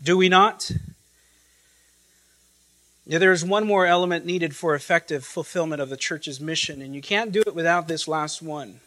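A man preaching an expository sermon, emphatic and repetitive, swinging from loud declarations to hushed lines and drawing out quoted scripture and Greek words. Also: on the high side, brisk, hardly any pauses, rough recording.

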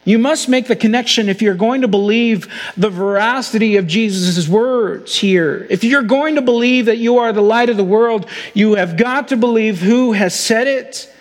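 A man preaching a sermon as pastor, earnest and slowing down to stress key phrases. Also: high voice, in a large hall. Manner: earnest preaching, slows for emphasis.

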